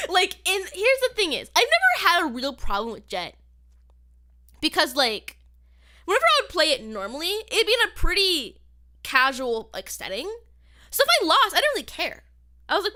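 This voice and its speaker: With a very high voice at a moderate pace, this young woman VTuber talks casually to her livestream audience. She rants animatedly, laughing and swearing often.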